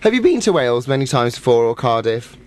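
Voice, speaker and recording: A man's voice: medium pitch, sing-song, fast. A man presenting a radio show, asking a guest short, upbeat questions. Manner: brief, upbeat questions and prompts. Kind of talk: radio interview.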